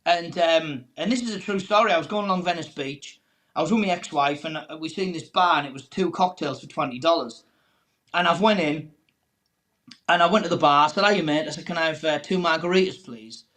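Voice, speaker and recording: A comedian, his voice sitting a little high, tells a story on a panel show. He is animated and acts out the people in it. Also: brisk. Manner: animated anecdote teller, acts out quoted voices. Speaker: comedian guest.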